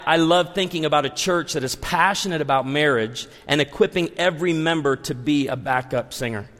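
A man in his forties, a pastor, preaching a sermon with animated, humorous storytelling. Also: a little high, in a large hall. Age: 40s.

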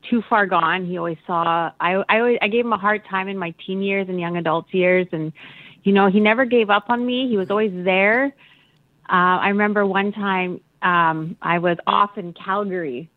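A woman remembering her father in an interview, candid and animated, a little choked up. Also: medium pitch, moderate pace, no room sound. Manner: animated, candid, laughing often. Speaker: daughter. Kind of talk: emotional interview. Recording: dry phone-like line.

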